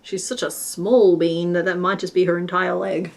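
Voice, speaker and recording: A woman with a slightly low voice chats loosely while she crochets on a live stream. She rambles, restarts her sentences and drops to a mutter when she counts stitches. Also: flat delivery, normal speed, creaky. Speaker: crochet streamer and pattern designer.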